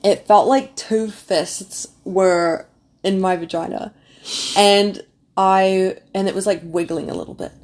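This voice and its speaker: A young woman casually telling her birth story, animated and full of "like" fillers. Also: medium pitch, takes it slowly. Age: young adult. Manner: chatty, animated, many "like" fillers.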